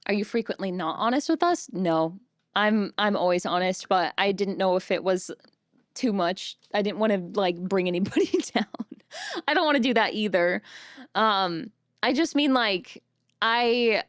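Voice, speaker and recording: A young woman streaming, chatting casually with her viewers in a soft, rambling way, tearful and full of self-doubt. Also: medium pitch, moderate pace, dry recording, clean studio sound.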